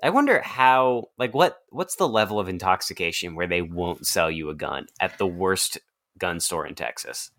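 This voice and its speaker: Tired deadpan man with a very low voice. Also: normal speed. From Virginia. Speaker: podcast co-host. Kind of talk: casual chat.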